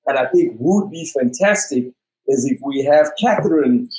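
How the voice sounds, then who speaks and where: A man's voice: medium pitch, lively intonation, moderate pace, a little mellow, rough recording. A man with a South African accent, an actor guest bantering and joking through an interview. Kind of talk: casual interview chat.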